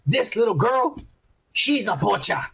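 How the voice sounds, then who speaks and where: A man with a fairly high voice holds forth on a casual podcast. He rants hard, swears freely and hammers the same point twice for emphasis. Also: big pitch swings, unhurried, gravelly, a bit bright, breathy edge. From United States. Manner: profane, ranting and emphatic. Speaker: podcast co-host.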